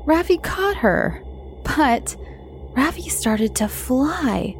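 Slow woman reading kids' stories. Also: high voice, a little hiss or hum. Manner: slow, expressive storytelling. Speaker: narrator. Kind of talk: reading children's stories aloud.

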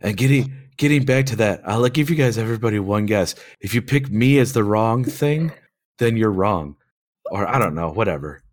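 A male podcast host with a hoarse, worn-out voice, rambling and poking fun at himself in casual chat. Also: fairly low pitch, normal speed. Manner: rambling, self-mocking. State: hoarse, lost voice.

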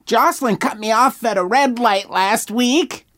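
Old lady killer, 76, grudge-holding, played by a man, slow deliberate delivery, raised pitch. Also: a bit bright. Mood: petty. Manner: slow and precise.

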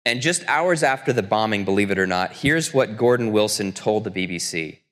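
A man preaching a sermon as pastor, telling a story earnestly and slowing down for quotations. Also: lowish voice, lively intonation, a bit bright. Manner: earnest storytelling, slows for quotes. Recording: long church reverb.

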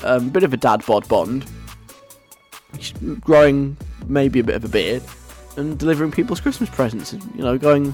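A man's voice: mid-range voice, animated, normal speed, darkish tone, soft background music. A man hosting a radio show in a playful, rambling way, chuckling as he goes. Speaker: radio host. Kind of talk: casual radio chat.

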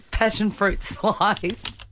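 Woman radio host, unhurried and giggly, reading reviews over clear studio noise. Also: medium pitch, expressive, fairly bright tone. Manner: giggly, reads listener reviews aloud. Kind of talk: casual radio banter.

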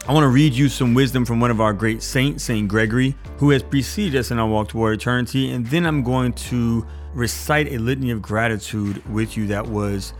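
A man, a priest hosting a faith podcast, talks in a loose, chatty way with plenty of asides. His voice sits at a middle pitch, with faint music playing underneath. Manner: casual, chatty, rambling asides; slow prayerful recitation. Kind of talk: podcast talk and prayer reading.

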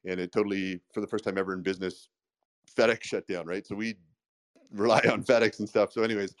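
A man rattling along fast as a business-owner guest, talking loosely and checking in with "right?" as he goes. His voice sits at a middle pitch. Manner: rambling, conversational, frequent "right?" tags. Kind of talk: casual panel discussion.

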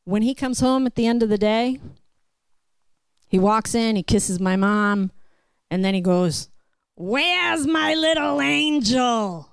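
Woman storyteller at a live show, measured and vivid, crisp voice. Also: mid-range voice, steady tone, a little mellow, dry recording. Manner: slow, deliberate, vivid.

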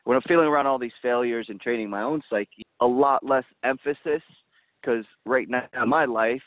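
A man's voice: medium pitch, moderate pace, dry recording. A man in a casual podcast roundtable who talks animatedly and acts out quoted voices. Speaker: roundtable panelist. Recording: tinny dry phone-like line.

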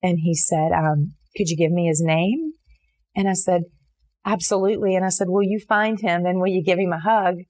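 A middle-aged woman earnestly telling a personal story in an interview, with fillers and restarts, acting out the voices in what people said. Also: normal speed. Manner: earnest, animated retelling with many fillers and restarts; voices others in quotes, jumping high for her own reactions.

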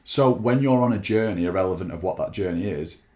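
A man's voice: sits low, a little fast, a little mellow. A young British man co-hosting a weight loss podcast, chatting casually and teasing his co-host. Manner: chatty, teasing, banter-driven. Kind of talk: casual chat.

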